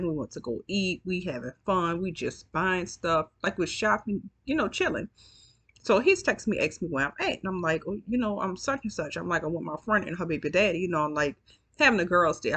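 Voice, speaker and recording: A woman's voice: fairly low pitch, a bit bright, breathy edge. A woman telling a story to her viewers in a chatty, profane, casual way, yawning as she goes. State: yawning, sleepy. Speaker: storytime vlogger.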